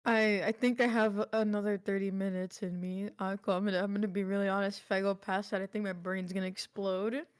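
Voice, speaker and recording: A woman's voice: mid-range voice, little pitch movement, a little fast, few pauses, smooth, no echo, clean studio sound. A woman co-hosting a casual watch-along stream, teasing and giggly. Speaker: vtuber co-host.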